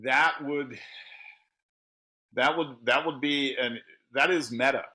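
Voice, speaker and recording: He takes it slowly, his mid-range voice bright and forceful, on poor audio. A middle-aged author and tradesman from Pittsburgh, speaking with a Pittsburgh accent, he's a candid podcast guest who laughs often in casual conversation.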